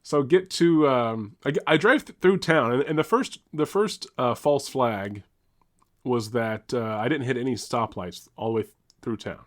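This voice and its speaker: A man's voice: mid-range voice, measured pace. Rambling, laughing man telling a story. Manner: rambling, self-interrupting, laughs and swears while telling a story. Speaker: podcast co-host. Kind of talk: casual storytelling chat.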